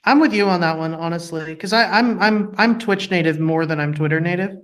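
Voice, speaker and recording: A guest on a casual live audio chat who laughs often and talks with quick restarts. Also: mid-range voice.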